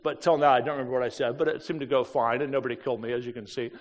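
A middle-aged man telling a personal story with lively energy, often laughing and acting out the voices of the people in it. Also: medium pitch, very fast. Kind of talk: animated storytelling talk. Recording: long hall reverb.

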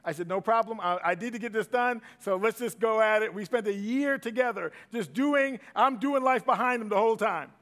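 A middle-aged man preaching a sermon, swinging from loud emphatic bursts to hushed asides. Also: high voice, a little fast, hardly any pauses. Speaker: pastor.

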